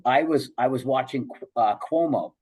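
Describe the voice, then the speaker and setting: A man hosting a radio talk show, speaking casually with halting restarts. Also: medium pitch, a little mellow, breathy edge, rough recording. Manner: halting, many fillers and restarts.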